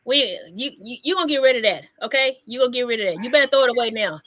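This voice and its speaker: A woman's voice: a little high, very fast, fairly bright tone, dry recording, studio quality. A woman comedian hosting a casual live chat, brassy and teasing, repeating herself for emphasis.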